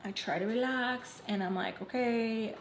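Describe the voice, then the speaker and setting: A woman's voice: medium pitch, fairly even intonation, normal speed. A woman telling a storytime on her vlog, emphatic and candid, swearing bluntly as she recounts events. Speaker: vlogger. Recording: roomy echo, faint background noise.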